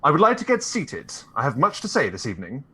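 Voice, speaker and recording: A man's voice: mid-range voice, huge pitch swings, bright, forceful tone, husky, exaggerated voice. A man putting on a posh haughty vampire lady. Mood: imperious. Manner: grandly drawn-out, theatrical. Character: posh haughty female vampire elder, talkative.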